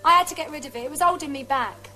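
A woman's voice: high-pitched, racing, bright, forceful tone, faint music behind, rough recording. A young woman as guest star in a scripted comedy sketch, breezy and wide-eyed.

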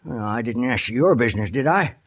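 An actor playing a grizzled, sly old outlaw with a broken leg, speaking in a gravelly Old West drawl with backwoods grammar, groaning and wheedling, in 1950s radio drama style. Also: male voice, mid-range voice, lively intonation, fairly quick. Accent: American Old West drawl. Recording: dull old radio recording.

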